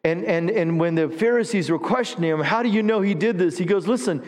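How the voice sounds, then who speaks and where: A pastor preaching a sermon, calling for the congregation to answer and swinging between hushed stretches and rising appeals. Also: male voice, high voice, fairly quick. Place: church sanctuary. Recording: long hall reverb.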